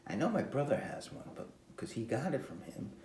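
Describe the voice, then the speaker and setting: A man's voice: medium pitch, sing-song, a little mellow, slight background noise. Rambling older man in an echoey room. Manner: meandering, halting, with frequent fillers and chuckles. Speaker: podcast host. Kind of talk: rambling casual monologue. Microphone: phone on a tripod. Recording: echoey room with faint ambience.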